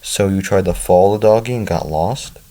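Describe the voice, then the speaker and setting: A gentle grieving father, as a man reads him aloud from a storybook. His voice is low and mellow, calm and fatherly. He talks softly and kindly, reassuring his young son. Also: normal speed, close to an everyday voice, rough recording.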